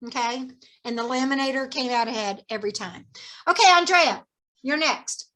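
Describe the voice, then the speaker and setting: Woman trainer, high and bright, upbeat emphatic pep talk. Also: moderate pace. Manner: upbeat, coaching, emphatic repetition. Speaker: sales team trainer.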